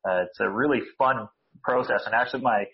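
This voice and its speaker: A man's voice: medium pitch, a little fast. Chatty Canadian man, slightly muffled audio. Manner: chatty, self-deprecating, laughs easily. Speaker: guest, speaker coach. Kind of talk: casual podcast interview.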